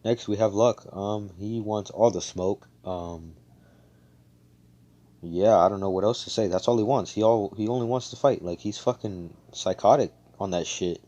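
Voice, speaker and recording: Deep-voiced young man telling a fan story. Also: moderate pace, dark tone, muffled recording. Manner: casual, slangy, profane, many fillers. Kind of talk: casual fan-fiction retelling.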